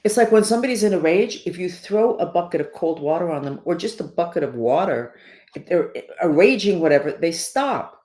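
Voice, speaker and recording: A woman's voice: on the low side, animated, fairly quick, dark tone. A middle-aged woman with the hiccups, hosting a podcast and talking emphatically and preachily to her listeners. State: has the hiccups. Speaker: podcast host. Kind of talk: casual spiritual talk to listeners. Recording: roomy echo.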